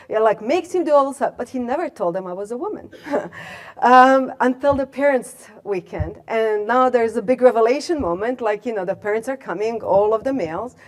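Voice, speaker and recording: A woman, telling a story in a talk to a room, animated and full of fillers. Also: fairly high pitch. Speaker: guest speaker, alumna. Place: lecture room.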